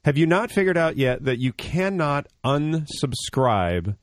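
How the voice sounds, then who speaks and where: A man's voice: on the high side, very animated, measured pace. A man co-hosting a radio tech show, explaining things at length in a blunt, joking way. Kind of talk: casual radio tech talk.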